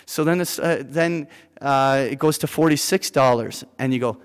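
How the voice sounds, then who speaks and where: A man leading a live investing seminar in front of an audience, telling an animated story with many fillers and "right?" tag questions. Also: on the high side, normal speed, smooth. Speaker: seminar instructor. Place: lecture room with an audience. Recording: reverberant lecture hall.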